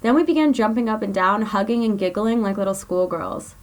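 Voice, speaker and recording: A woman's voice: medium pitch, lively intonation, a little fast, a little mellow. A woman blogger reading her own personal story aloud in an earnest, confessional way.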